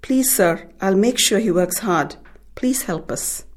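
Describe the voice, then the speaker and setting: A woman's voice: mid-range voice, animated, slow. Woman voicing an earnest, determined young girl. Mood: urging.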